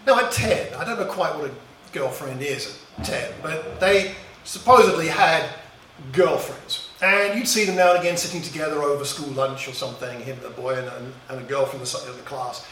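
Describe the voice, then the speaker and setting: A man's voice: fairly high pitch, normal speed, a bit bright, recorded from a distance, slight background noise. A middle-aged man giving a reflective personal talk, telling a story from his boyhood in a musing, storytelling way. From England. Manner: storytelling, musing, with small restarts. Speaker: speaker. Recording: roomy echo, voice a bit off-mic.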